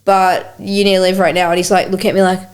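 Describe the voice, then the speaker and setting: A woman's voice: fairly low pitch, fast talker. A young woman hosting a podcast, telling a story in casual chat, swearing freely and acting out quotes. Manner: animated, swears freely, acts out quotes in a raised voice. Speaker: podcast host.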